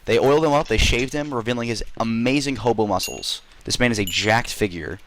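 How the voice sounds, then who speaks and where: A man's voice: medium pitch, brisk, fairly bright tone, a little hiss or hum. A man telling a rambling, silly story to friends in a game voice chat, full of fillers and swearing.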